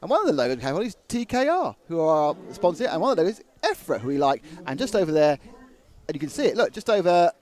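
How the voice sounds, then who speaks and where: A man's voice: on the high side, very animated, fast, darkish tone. A man co-hosting a live race broadcast, chatty and jokey, introducing the schedule and his co-host. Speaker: race commentator.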